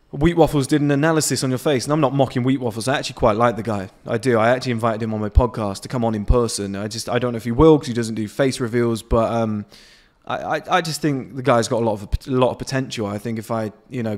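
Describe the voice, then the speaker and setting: A man's voice: medium pitch, steady tone, quick pace, darkish tone. A man in his late twenties, ranting bluntly and profanely to camera outdoors on his patio. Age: 20s. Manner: blunt, profane, swearing freely. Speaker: men's self-improvement vlogger. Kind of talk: unscripted motivational rant to camera.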